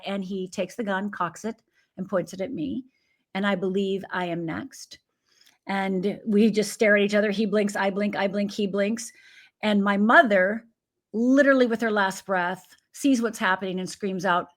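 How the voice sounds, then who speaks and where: This Upper Michigan woman, a guest life coach, recounts her personal journey in an interview, bringing it to life by acting out other people's voices. Her mid-range voice keeps a fairly even intonation and a measured pace.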